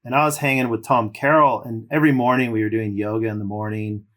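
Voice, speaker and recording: With a fairly low pitch and quick pace, a middle-aged ex-pro surfer from California rambles through long stories as a podcast guest. He sounds relaxed and uses loose fillers throughout.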